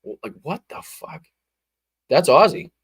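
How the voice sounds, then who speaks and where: A man's voice: fairly high pitch, expressive, unhurried, a bit bright, husky. A man hosting a show, giving sarcastic, profane commentary over a political speech. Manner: sarcastic, swearing, laughing outbursts. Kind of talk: profane live reaction commentary.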